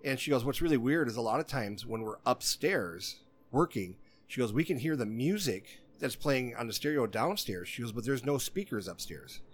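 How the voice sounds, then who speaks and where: A man's voice: medium pitch, lively intonation, normal speed, hardly any pauses. A man in casual chat, telling a long story in a rambling way and often stopping to quote what other people said. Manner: rambling, repeats "she goes" while quoting others.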